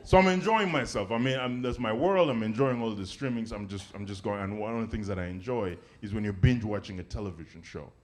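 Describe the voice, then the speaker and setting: A man performing a stand-up comedy set, animated and conversational, often checking in with the crowd. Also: on the low side, fast, few pauses, a little hiss or hum. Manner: animated, conversational, keeps asking "right?" and "okay?".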